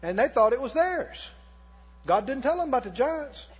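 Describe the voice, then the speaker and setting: A man preaching a sermon, emphatic and booming as he questions the congregation. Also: big pitch swings, moderate pace, husky. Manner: emphatic, rising and booming, asking the crowd questions. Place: church hall. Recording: echoey hall, dull lo-fi sound.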